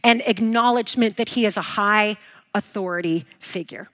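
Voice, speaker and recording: A woman's voice: mid-range voice, moderate pace, fairly bright tone. A woman teaching a bible lesson, emphatic, posing questions and answering them herself. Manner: emphatic, repeats key points, asks and answers own questions.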